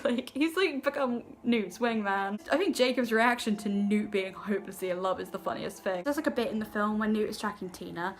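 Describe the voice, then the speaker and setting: A woman's voice: mid-range voice, fairly quick, few pauses. A young woman giving a casual film review vlog, gushing and giggly, and rambling with lots of fillers. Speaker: vlogger.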